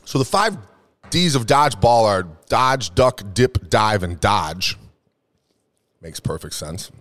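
Tipsy young male host, lowish voice with a lot of swing, profane and rambling. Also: lively intonation, takes it slowly, a bit bright. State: tipsy from drinking. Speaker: podcast host. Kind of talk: casual comedic monologue.

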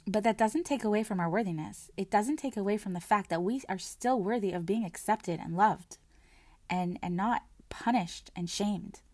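Earnest, soft-spoken woman in a dry room. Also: medium pitch, moderate pace, no echo. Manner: earnest and soft-spoken, with frequent word repetitions and restarts. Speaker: mother sharing her personal experience. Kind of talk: reflective personal talk.

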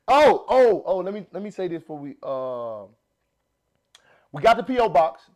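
A high-pitched man with a Southern accent chats on his podcast in a loose, excitable way. He laughs often and restarts his sentences as the thoughts tumble out. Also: unhurried. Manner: animated, laughing, many restarts and fillers. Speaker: podcast host. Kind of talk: casual podcast chat.

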